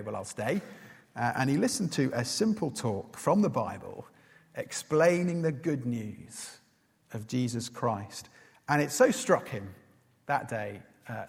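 Male preacher, earnest sermon delivery with frequent fillers; husky voice, long hall reverb. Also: mid-range voice. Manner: earnest, asks the listeners questions, many "uh" fillers.

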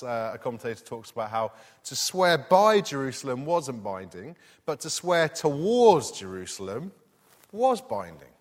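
A man preaching a sermon in a conversational way, reading scripture aloud and asking the congregation questions. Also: fairly high pitch. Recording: long hall reverb.

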